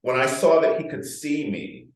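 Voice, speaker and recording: A male actor being interviewed, telling frank, animated stories and swearing freely. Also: on the high side, moderate pace. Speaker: actor guest. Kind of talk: candid interview storytelling. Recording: echoey room, mic far off.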